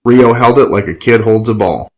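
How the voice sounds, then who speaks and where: A man's voice: fairly low pitch, moderate pace, rough recording. A man narrating a gritty first-person story in a wry, profane, hard-boiled tone.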